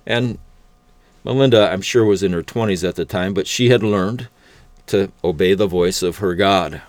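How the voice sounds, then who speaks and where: A man telling a personal faith testimony in an unhurried, conversational way, with the odd "uh". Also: low-pitched, darkish tone, no echo. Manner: unhurried, conversational storytelling with fillers.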